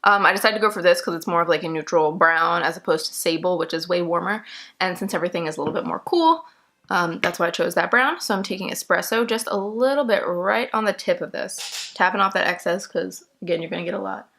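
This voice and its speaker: A woman's voice: lowish voice, fast talker, creaky, fairly bright tone. A young woman chatting her way through a makeup tutorial at home, explaining each step casually and laughing easily. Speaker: makeup vlogger.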